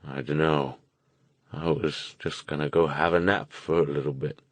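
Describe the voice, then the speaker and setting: A man voicing a timid, weary old drifter who speaks in a creaky, hesitant mumble. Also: a bass voice, steady tone, normal speed, no room sound, voice pushed down. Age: older. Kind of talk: audiobook character voice.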